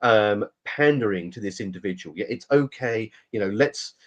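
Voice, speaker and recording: A man's voice: fairly low pitch, moderate pace, muffled recording. A man co-hosting a casual podcast chat, talking through a point at length with plenty of ums and restarts. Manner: rambling, explanatory, many fillers. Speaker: podcast co-host.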